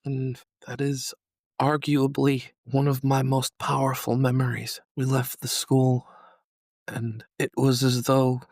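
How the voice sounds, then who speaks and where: Gravelly, monotone man, solemn monologue. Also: mid-range voice, dry recording, studio quality. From New York. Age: 30s. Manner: solemn, slow and measured with angry emphasis. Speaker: podcast host. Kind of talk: personal reflective monologue.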